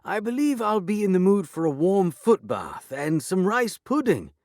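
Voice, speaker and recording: A genteel old lord, fussy and doting, as the narrator puts him on, with a much higher, lilting voice. His calls are loud and affectionate, recorded dry and close. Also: big pitch swings, moderate pace, no room sound.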